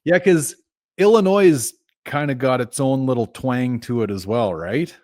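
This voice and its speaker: A man's voice: medium pitch, moderate pace, a little mellow, no room sound. A laid-back man from Canada hosts a casual podcast chat, chuckling and swearing now and then. His voice sits in the middle range for a man, and the recording is dry and close. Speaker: podcast host.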